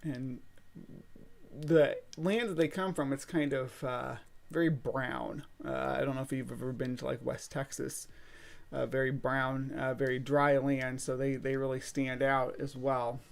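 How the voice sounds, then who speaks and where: A man with a rough, gravelly edge to his voice talks casually on a livestream from a room at home. He rambles and stalls often, filling pauses with drawn-out "uh" sounds as he finds his words. His pitch sits in an ordinary middle range. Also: flat delivery. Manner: rambling and halting, full of "uh" fillers. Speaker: streamer hosting a late-night bug stream. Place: home room set up for streaming.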